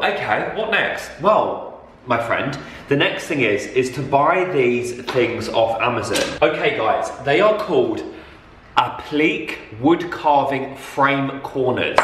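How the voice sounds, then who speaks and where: Excitable man in an echoey room. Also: medium pitch, noisy background. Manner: excitable, loud, over the top. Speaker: vlogger. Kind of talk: chatty DIY vlog.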